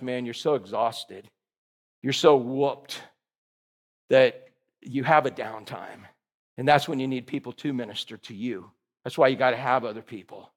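A man preaching a sermon, his voice sitting high for a man. He tells the story in a lively, animated way, full of casual slang, and acts out the voices of the people in it. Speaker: pastor.

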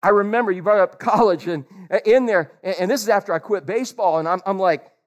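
A man's voice: high-pitched, fast. A male pastor giving a casual, jokey sermon and calling out to people in the congregation by name. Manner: animated, jokey, addresses the congregation directly.

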